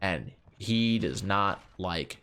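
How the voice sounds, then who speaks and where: A man's voice: sits low, animated, takes it slowly, sharp tone, a little hiss or hum, exaggerated voice. A man doing a grave psychic woman. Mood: ominous. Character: woman psychic medium, calm and ominous.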